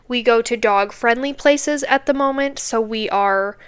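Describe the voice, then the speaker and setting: Rambling woman podcaster with a smooth voice. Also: a little high, measured pace, no room sound. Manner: rambling, heavy with filler words; self-deprecating, candid. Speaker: podcast host. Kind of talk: unscripted casual rant.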